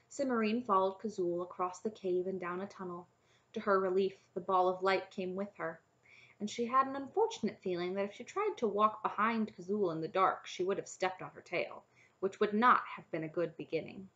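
A woman narrating a fantasy storybook in a measured, clear reading. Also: mid-range voice, fairly bright tone. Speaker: audiobook narrator. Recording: slightly dull lo-fi audio.

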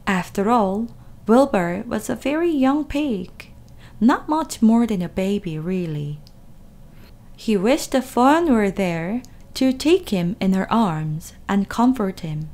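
A woman reading a children's story aloud in a gentle, expressive way. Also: medium pitch, takes it slowly.

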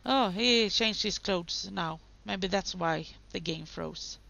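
A woman's voice: medium pitch, slow pace, gravelly, pushed and bright. A woman hosting a gaming video, giving casual commentary and chatting to the game characters.

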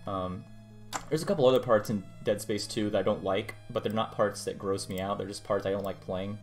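A man's voice: fairly low pitch, brisk. A young man streamer chatting casually while he draws, rambling and muttering to himself about his work. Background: music playing.

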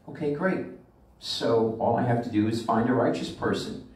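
A man preaching a sermon as a rabbi, pressing hard on his points and drawing the scripture out slowly for weight. His voice sits at a middle pitch and rings through a very echoey sanctuary. He stands some distance from the microphone. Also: darkish tone. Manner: emphatic preaching, slows and swells on scripture. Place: synagogue sanctuary. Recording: echoey room from far off the mic.

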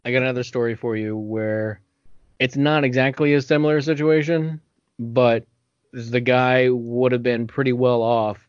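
A man's voice: mid-range voice, steady tone, a little slow, smooth, dry recording, dull audio. An American man co-hosting a casual podcast, reading from notes and laughing as he stumbles over unfamiliar words. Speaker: podcast co-host.

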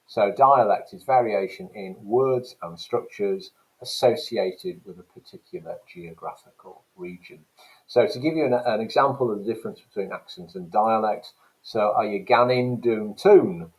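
A man's voice: fairly low pitch, poor audio. A man teaching an English language class, explaining terms carefully and emphatically, at times mimicking accents to demonstrate them. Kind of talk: recorded lesson.

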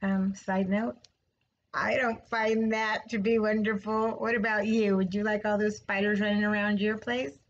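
A woman's voice: medium pitch, little pitch movement, moderate pace, muffled recording, slight background noise. A woman teacher reading a children's book aloud to her students, with chatty asides.

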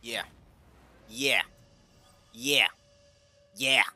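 A man's voice: medium pitch, drawn-out words, no room sound, faint music behind. A man commentating his car soccer match, bossing and mock-scolding his teammates as a pretend team owner. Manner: trash-talking teammates as a mock team boss, hype and yelling. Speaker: gaming YouTuber. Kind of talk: playful rocket league commentary.

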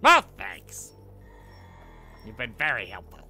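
A young man giving loud, excitable let's-play commentary, yelling at enemies and cracking sarcastic quips. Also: mid-range voice, slow, breathy edge, faint music behind. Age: young adult. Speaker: gameplay streamer.

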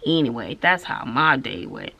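A woman's voice: a bass voice, moderate pace, vocal fry, highs cut off. A middle-aged woman, a schoolteacher, telling a story in a casual, sassy and emphatic way. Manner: animated, sassy, emphatic, tosses in "honey" and "child". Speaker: vlogger and schoolteacher.

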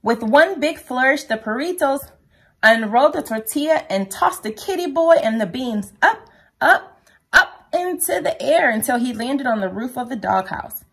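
A woman reading a children's picture book aloud at home, lively and playful, with a sing-song delivery. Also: sits high, normal speed, gravelly, husky.

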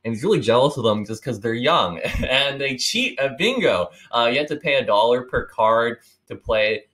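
Rambling young man with a lively voice. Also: medium pitch, moderate pace. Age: 20s. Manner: rambling, swearing, laughing often. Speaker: book reviewer. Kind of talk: casual one-take monologue.

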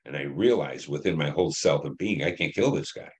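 A man's voice: rumbling low, brisk. A man in his seventies, a war veteran being interviewed, recounting his memories in a blunt, profane storytelling manner. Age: 70s.

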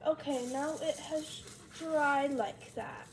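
A woman with a high voice talks slowly and chattily as she cooks, poking fun at herself and thinking out loud. Her home kitchen is filled with the steady roar of a fan. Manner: chatty, self-mocking, thinking aloud. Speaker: home cooking vlogger. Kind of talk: casual cooking tutorial chat. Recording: kitchen fan noise behind.

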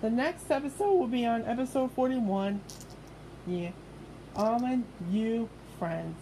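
Here is a woman with a high voice who talks slowly and playfully, breaking into squealy exclamations as she voices toy characters in a homemade skit. Steady hiss sits under the home recording. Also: rough recording. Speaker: hobby video host voicing toy characters.

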